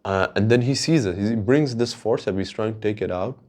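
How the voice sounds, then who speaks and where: Casual podcast host, man, low voice, swears constantly, rambles and rants. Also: a little fast. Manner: profane, rambling, with frequent restarts; gets loud and heated when ranting. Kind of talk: casual storytelling monologue.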